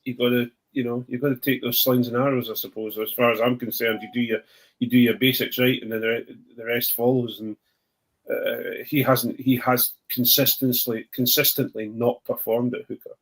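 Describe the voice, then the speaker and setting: Male podcast host, mid-pitch, casual and rambling, corrects himself often. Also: level tone, normal speed. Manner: rambling, lots of ums and self-corrections. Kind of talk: casual chat.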